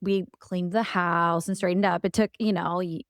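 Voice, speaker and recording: A woman's voice: on the low side, moderate pace, no room sound, studio quality. A woman in her thirties co-hosting a podcast, chatting casually and acting out quotes as she tells a family story. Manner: animated storyteller, acts out quotes. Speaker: podcast co-host. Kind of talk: casual chat.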